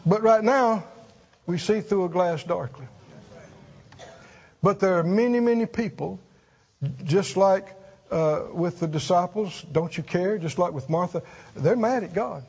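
High-voiced earnest preacher in an echoing hall. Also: male voice, measured pace, vocal fry, long pauses, darkish tone, slightly rough. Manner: earnest and emphatic, repeats words, climbs high on key points. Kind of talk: sermon. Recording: dull sound in a reverberant hall.

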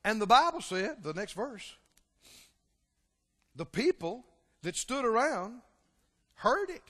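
Preacher guy, high bright voice, gets loud then drops way down, echoey hall. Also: very animated, takes it slowly. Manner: impassioned, rising to loud exclamations then dropping low. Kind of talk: sermon. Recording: long hall reverb.

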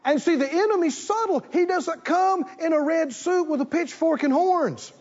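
A man preaching a sermon as the pastor, with animated call-and-response delivery. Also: extremely high pitch, normal speed, muffled recording.

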